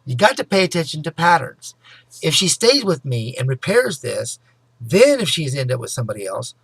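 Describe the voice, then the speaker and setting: Speaking to his viewers in a casual vlog, a man with a high-leaning, gravelly and creaky voice tells a wandering personal story with big swings in pitch. He leans on "anyway" and "you know," sometimes talking fast and loud; the sound is close and dry, without room echo.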